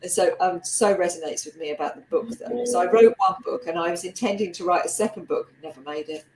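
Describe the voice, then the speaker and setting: A woman's voice: lowish voice, quick pace, reverberant, slight background noise, rough recording. Chatty woman host with a London twang. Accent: light South London twang. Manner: chatty, laughs easily, animated asides. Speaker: host and curator. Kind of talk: casual video-call interview. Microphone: video call.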